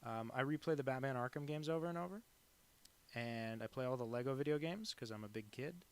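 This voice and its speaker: A man streaming live as a cartoonist, chatting casually while he draws and rambling through deadpan jokes. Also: medium pitch, brisk, clean tone.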